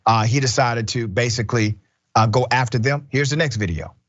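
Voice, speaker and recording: A man's voice: mid-range voice, fairly quick, dull audio, slight background noise. A man hosting a news commentary show, stressing his points by repeating them.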